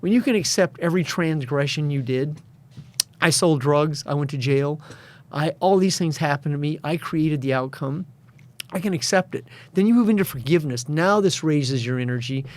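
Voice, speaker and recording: A man's voice: on the high side, moderate pace, a little mellow. Confident man coaching on an interview. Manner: storytelling, acts out quoted voices. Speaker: guest, success and addiction coach. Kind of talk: interview conversation.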